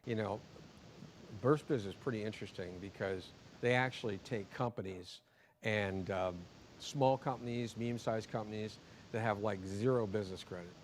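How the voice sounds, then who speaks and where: A man's voice: lowish voice, moderate pace, slight background noise. A man co-hosting a business livestream in casual chat, loose and rambling, often restarting his sentences. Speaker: co-host.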